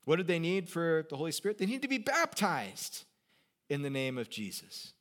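A man preaching a sermon in a slightly high voice. He swings from loud, emphatic bursts to quiet, conversational asides. He jokes easily with his listeners. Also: sing-song, normal speed. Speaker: pastor.

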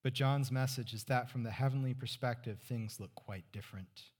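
Conversational preacher with hushed low moments. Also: male voice, moderate pace, breathy edge. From California Central Valley. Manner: conversational, rhetorical questions, drops to near-whisper for emphasis. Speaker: pastor. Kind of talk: sermon.

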